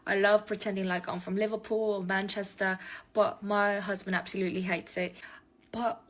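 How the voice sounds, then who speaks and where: An American woman with a mid-range voice talks to the camera in a casual, rambling way. She pauses often and drifts from point to point. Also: medium pitch, level tone. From United States. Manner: rambling, chatty, halting with fillers. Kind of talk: casual vlog commentary.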